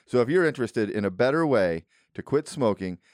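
A man reading a sponsor ad in a casual, deadpan way. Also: mid-range voice, brisk, dry recording, clean studio sound. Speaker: ad reader. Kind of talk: casual ad read.

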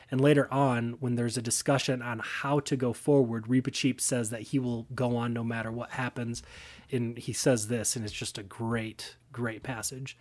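A man's voice: mid-range voice, a little mellow. A man hosting his own show, giving earnest, enthusiastic book commentary in a loose, conversational way. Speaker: host.

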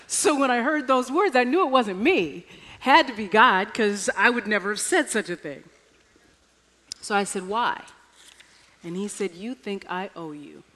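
A woman's voice: a little high, expressive, unhurried, pauses often, a bit bright. A woman preaching a sermon, telling a personal story with wry humor. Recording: echoey hall reverb.

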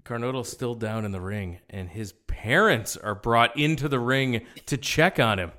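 A man co-hosting a casual podcast, blunt and quick to agree. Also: mid-range voice, lively intonation, bright, forceful tone. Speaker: podcast co-host. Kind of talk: casual chat.

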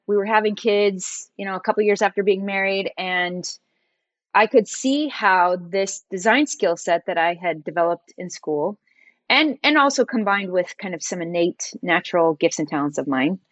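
A woman guest on a podcast, telling a personal story in an animated, conversational way. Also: medium pitch, moderate pace, dry recording.

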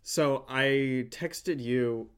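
A man voicing a nervous, awkward young man who speaks haltingly and honestly. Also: medium pitch, clear, resonant tone. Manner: hesitant, halting.

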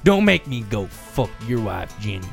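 A man's voice: fairly low pitch, big pitch swings, normal speed, creaky, faint music behind. A man voicing a hotheaded, jealous cowboy husband who grumbles and swears. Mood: angry. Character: angry jealous cowboy husband, male adult.

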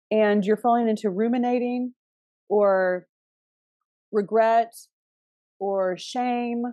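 A woman's voice: a little high, warm tone, no echo, studio quality. A middle-aged woman hosting a casual astrology talk, chatty, restarting often and laughing now and then. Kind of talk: casual spoken advice.

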